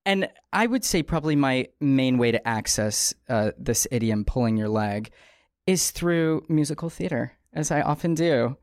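A woman hosting a comedy podcast in a studio, with a raspy, strained throat, telling a story in a playful, rambling way full of asides. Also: rumbling low, animated, normal speed, a little mellow, no echo. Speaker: podcast host.

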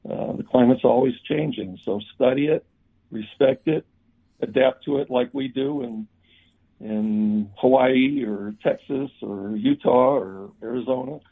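A man being interviewed about his book, talking haltingly with many restarts and fillers. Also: mid-range voice, sing-song, gravelly, slightly rough. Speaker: book author guest. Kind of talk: remote interview. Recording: tinny phone-like line.

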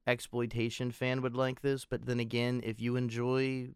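A man's voice: mid-range voice, completely flat delivery, moderate pace, clear, resonant tone, dry recording. American man, podcast co-host, profane rambler, resonant voice, dead-dry mic. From United States. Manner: rambling, profane, laughs a lot. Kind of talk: casual podcast chat.

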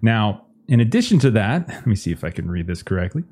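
A man's voice: on the low side, very animated, brisk, darkish tone, breathy edge. A man narrating a tabletop horror game as game master, in a casual, chuckling way with many fillers.

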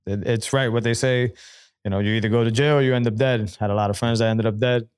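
Fast-talking candid man on a podcast. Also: mid-range voice, steady tone, a little mellow, smooth, no echo, studio quality. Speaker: podcast host and guest. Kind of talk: casual podcast conversation.

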